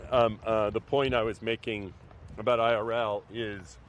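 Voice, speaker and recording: A man's voice: lowish voice, flat delivery, moderate pace, dull audio, a little hiss or hum. A man from New Orleans, a podcast guest in casual chat, explaining his ideas at length.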